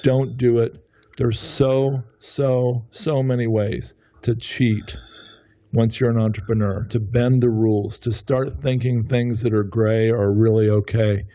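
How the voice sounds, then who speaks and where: A man's voice: medium pitch, flat delivery, unhurried, warm tone, dull audio. A man talking casually as a podcast guest, rambling and often correcting himself mid-sentence. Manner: rambling, frequent self-corrections. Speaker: podcast guest, real estate investor. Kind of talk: casual interview talk.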